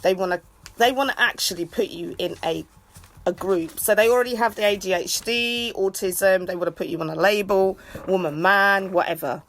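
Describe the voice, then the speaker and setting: A woman in a rambling live video chat. She rants and shouts out to friends in an excitable way. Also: medium pitch, moderate pace. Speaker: vlogger.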